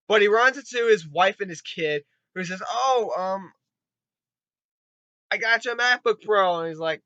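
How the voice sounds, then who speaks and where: A man giving a rambling, excitable spoken movie review, swearing often and retelling scenes with quick put-on voices. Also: sits high, no echo, dull audio. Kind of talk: casual spoken film review.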